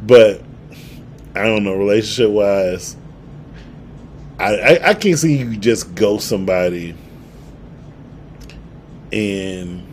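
A man's voice: fairly low pitch, expressive, takes it slowly, pauses often, a little mellow, a little hiss or hum. A young man co-hosting a podcast, telling stories in a laid-back way with frequent laughs and restarts. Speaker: podcast co-host. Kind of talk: casual chat.

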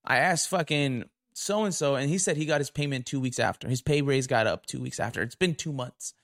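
A man's voice: medium pitch, brisk, a bit bright. A young man hosting a podcast, telling stories in a casual, profane, indignant rant into a camera mic. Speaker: podcast host. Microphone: camera recording.

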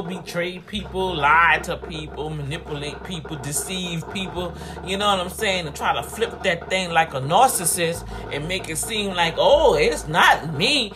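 A preacher delivering a fervent sermon, urging the congregation to respond and repeating phrases in bursts that swing between loud and soft. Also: mid-range voice, moderate pace, few pauses, noisy background. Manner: fervent, repetitive call-and-response, big swings in loudness.

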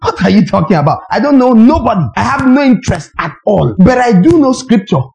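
Male pastor, high but mellow voice, animated sermon delivery, fires rhetorical questions. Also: a little fast, vocal fry, low-quality recording.

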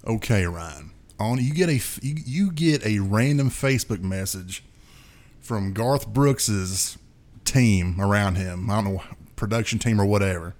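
A man's voice: on the low side, measured pace. A man co-hosting a podcast in casual chat, spinning a long scenario with lots of laughter. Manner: animated storyteller who laughs often. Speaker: podcast co-host.

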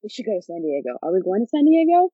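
A woman's voice: mid-range voice, very animated, fast talker, warm tone, slightly rough, dry recording. A young woman co-hosting a podcast in casual chat, laid-back and joking, swearing casually. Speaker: podcast co-host. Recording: dull lo-fi dry sound.

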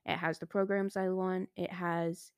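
A teenage girl hosting her own podcast, talking casually and excitedly with lots of "like" and "I was like", recorded close and dry. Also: fairly low pitch, unhurried, no echo. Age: teens. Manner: chatty and excitable, heavy use of "like" and "I was like". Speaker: podcast host. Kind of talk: casual solo podcast monologue.

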